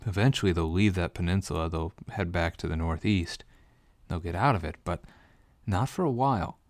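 Deep voiced guy doing a chatty bible study, walks you thru it step by step, dry close sound. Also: normal speed, dry recording. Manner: explanatory, walks listeners through details step by step. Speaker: Bible teacher. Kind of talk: conversational Bible study teaching.

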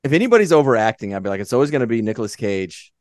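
A man co-hosts a podcast, recapping a movie in casual, profane chat. He is excitable, tosses in quick asides, and laughs a lot, with a medium-pitched voice in clean studio sound with no echo.

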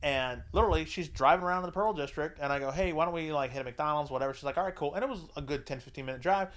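A man hosting a podcast, telling a story in a casual, profane, animated way and acting out both sides of the dialogue. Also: fairly high pitch, racing. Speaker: podcast host.

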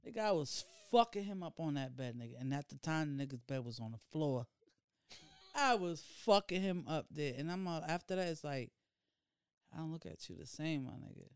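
A young man chats on a casual podcast, acting out quotes with big jumps in pitch. His voice sits a bit high and sounds smooth. The recording is dry and close. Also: animated, normal speed, dry recording. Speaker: podcast co-host. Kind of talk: casual storytelling chat.

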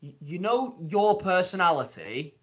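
Man hosting comedy podcast, high lively voice, bright and slightly husky, lo-fi. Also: a little slow. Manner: teasing, playful. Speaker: podcast host. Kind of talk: comedic banter. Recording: dull lo-fi sound.

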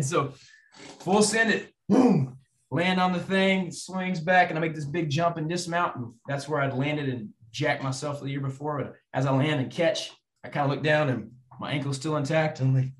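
A man telling a personal faith story to an audience, animated and acting out the voices of people in it. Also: on the high side, brisk. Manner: animated, acts out quoted voices. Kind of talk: storytelling testimony. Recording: roomy echo.

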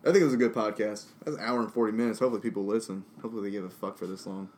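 A man with a low voice talks loosely on a podcast, cursing freely as he rambles through a story. A faint hiss of noise runs under the recording. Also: fairly even intonation, rapid-fire, darkish tone. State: drinking. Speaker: podcast co-host. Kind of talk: casual chat.

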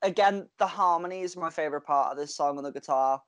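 A chatty woman co-hosting a casual talk over a video call. She tells stories with lively energy and laughs often. The sound is dry and close. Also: low-pitched, quick pace, no echo. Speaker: podcast co-host. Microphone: headphones and mic on a video call.

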